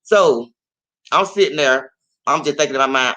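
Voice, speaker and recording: A man hosting his own show, telling a story in casual, profane, animated style and acting out the voices in it. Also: fast talker, rough recording. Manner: animated and profane, acting out quotes with big pitch jumps. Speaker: host.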